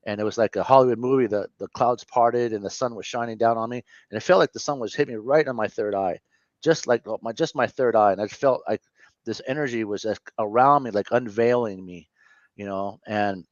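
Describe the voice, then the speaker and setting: A man in his fifties, a guest telling a personal story in an interview, earnest and candid, with halting speech and frequent self-corrections. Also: medium pitch, dry recording, muffled recording. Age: 50s.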